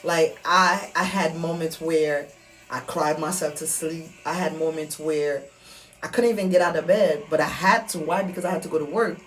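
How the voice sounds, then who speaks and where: Earnest woman with soft music behind. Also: sits low, fairly even intonation, moderate pace. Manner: earnest, repetitive, heartfelt. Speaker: vlogger. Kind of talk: personal motivational monologue. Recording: soft music underneath, mic at a distance.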